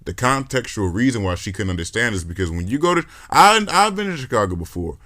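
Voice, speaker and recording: A man hosting a podcast in casual chat, telling stories in an animated, joking, profane way. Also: fairly low pitch, fast. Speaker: podcast host.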